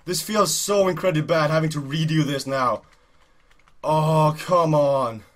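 A man giving excited live commentary while playing a cycling race game, urging himself on, repeating phrases and shouting. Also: on the high side, a little slow. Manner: urgent, repetitive, shouting in excitement. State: out of breath. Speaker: gaming YouTuber.

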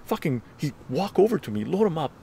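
Laughing and cursing, a man running a livestream tells a lively, casual story. His pitch is fairly high and his delivery brisk, with vocal fry over a noisy background.

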